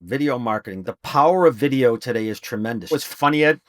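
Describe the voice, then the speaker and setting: Middle-aged male trainer for a guest spot, emphatic and salesman-like, mid pitch, dry booth sound. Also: lively intonation, quick pace, dry recording. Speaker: podcast guest, HVAC business trainer. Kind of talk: casual interview talk.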